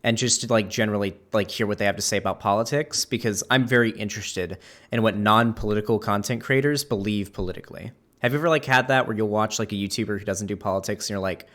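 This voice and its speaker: A man's voice: fairly low pitch, fast, a bit bright. Rambling young man in casual chat. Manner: rambling, filler-heavy, frequent restarts. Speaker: streamer and host. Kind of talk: casual conversation.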